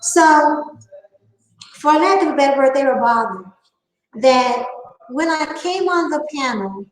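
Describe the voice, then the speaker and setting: A woman with a Southern twang and a high voice, speaking in a casual vlog. She talks in a defiant, emphatic way, drawing out her words slowly. Her voice rings in an echoey room. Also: lively intonation. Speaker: channel host.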